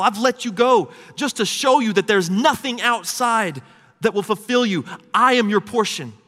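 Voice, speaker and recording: A heartbroken, pleading God, calling out to a straying bride in a high, raised voice, as a preacher puts him on. The tone is bright and forceful. The sound hangs in a long hall reverb. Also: male voice. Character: pleading heartbroken God, male, jealous lover.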